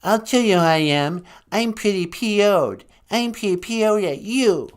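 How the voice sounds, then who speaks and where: A man's voice: sits high, animated, a little slow, voice pushed up. A man playing a brash, easily offended famous male painter who talks in slang and keeps calling people "man.". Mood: indignant.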